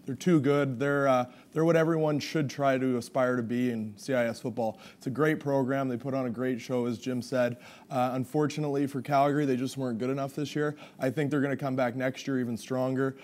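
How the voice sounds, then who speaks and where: A former player on a sports roundtable gives plain, direct opinions. His voice is mid-pitched. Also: steady tone, fairly quick, darkish tone. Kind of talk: casual studio sports talk.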